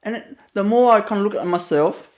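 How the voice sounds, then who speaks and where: He has a high voice and a Vietnamese accent, a man from Vietnam acting as a spiritual teacher with a personal tale to tell. Laughs come often between his phrases, along with pauses on fillers.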